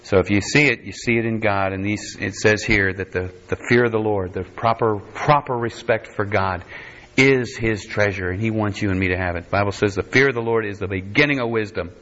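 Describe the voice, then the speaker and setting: Male preacher, mid-pitched, animated storytelling delivery with folksy asides, slightly dull lo-fi recording. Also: brisk, a little hiss or hum. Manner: animated, acts out quotes in higher voice, folksy asides. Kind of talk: sermon.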